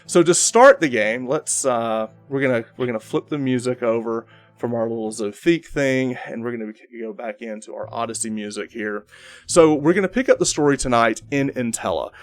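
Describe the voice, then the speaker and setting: Male game master, mid-pitched, loose rambling narration full of fillers. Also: moderate pace, soft background music. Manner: rambling, many fillers and restarts.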